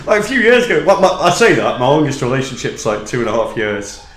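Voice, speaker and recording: A man's voice: medium pitch, very animated, quick pace, reverberant. Sweary Stoke man in his thirties. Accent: Stoke-on-Trent. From Staffordshire, England. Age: 30s. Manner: dry, sweary, self-mocking. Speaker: podcast guest. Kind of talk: casual comedic chat.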